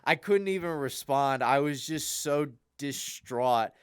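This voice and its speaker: A young man, a podcast co-host, telling a long, rambling story in a casual, animated way. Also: a little high, slow, clear, resonant tone, dry recording, studio quality.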